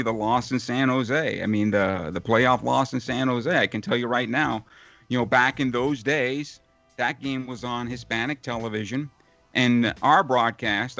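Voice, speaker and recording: A man's voice: mid-range voice, fairly bright tone, no echo. A man, a veteran radio play-by-play broadcaster, answering interview questions in a reflective, rambling way with many fillers. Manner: reflective, speaks in long run-on lists with fillers. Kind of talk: casual interview over a call.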